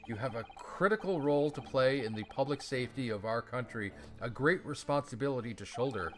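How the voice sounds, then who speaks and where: A man's voice: medium pitch, expressive, a little fast, close to an everyday voice. A man voicing a stern older male judge who scolds and commands the court.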